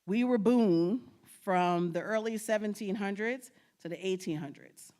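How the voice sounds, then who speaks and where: A woman from New York giving a storytelling presentation as a guest speaker, animated and often laughing as she acts out her family's words. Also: medium pitch, measured pace, few pauses. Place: lecture at a state archives building.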